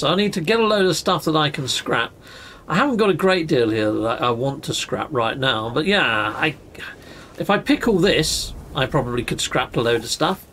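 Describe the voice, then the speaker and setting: A man's voice: on the high side, sharp tone, slight background noise. A man hosting a casual let's-play, chatting and thinking aloud as he plays. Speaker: gaming channel host.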